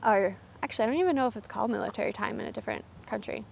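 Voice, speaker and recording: A woman's voice: mid-range voice, rapid-fire, vocal fry, husky. A young adult woman and college student telling a story to camera in a chatty, self-deprecating way. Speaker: vlogger, college student of French.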